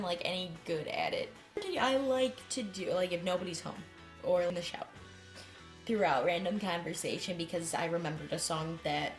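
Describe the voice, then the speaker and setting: A young woman vlogging casually about herself, candid and self-deprecating, swearing freely and rambling with quick asides. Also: lowish voice. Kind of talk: casual talking-head vlog.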